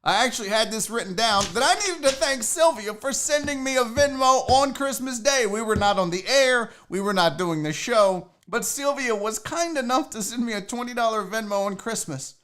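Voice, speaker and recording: A man's voice: extremely high pitch, expressive, moderate pace, few pauses, fairly bright tone. A man hosting a casual sports livestream, talking loosely with some swearing and calling out viewers in the chat by name. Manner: loose and profane, greeting chat members by name. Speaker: sports show host.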